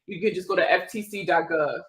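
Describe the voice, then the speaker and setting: A woman's voice: lowish voice, brisk, poor audio. A woman in her thirties with a Prince George's County, Maryland accent, hosting a casual credit advice livestream, chatty and joking with frequent laughter. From Maryland, USA.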